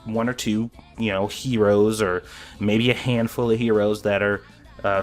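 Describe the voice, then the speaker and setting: Excited rambling man over soft music. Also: lowish voice. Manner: excited, rambling with frequent restarts. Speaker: anime reaction vlogger. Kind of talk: casual reaction commentary.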